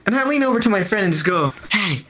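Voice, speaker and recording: On a comedy club stage at an open mic, a stand-up comedian rambles and stammers through a profane story, acting out its characters. His high-pitched, fairly bright voice is expressive and very fast, and the recording is rough.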